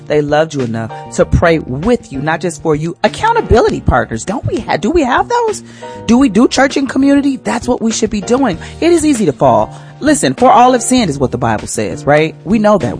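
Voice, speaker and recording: A morning radio host speaking as a church first lady gives an inspirational talk, colloquial and exhorting in manner. Her voice sits in the mid range.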